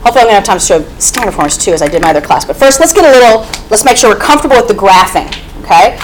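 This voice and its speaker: A woman's voice: medium pitch, lively intonation, very fast, slight background noise, poor audio. A woman teaching a math class, explaining step by step and often checking in with "okay?". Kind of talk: classroom lecture.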